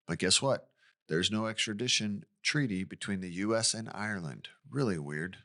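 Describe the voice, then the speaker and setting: Brief: male co-host, low bright voice, animated casual true-crime storyteller. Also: moderate pace. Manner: recounts the case conversationally with asides and questions. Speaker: podcast co-host.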